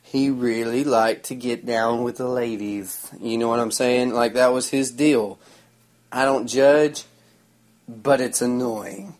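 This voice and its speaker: A man's voice: medium pitch, fairly even intonation, slow pace, darkish tone. A man, telling a rambling story in a sarcastic, crude, mocking way. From Oklahoma. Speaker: vlogger.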